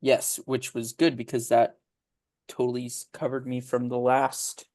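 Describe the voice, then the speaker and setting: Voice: medium pitch, little pitch movement, unhurried, a little mellow. Chatty rambling tabletop player. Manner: chatty, rambling with many fillers. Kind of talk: casual chat during a tabletop game.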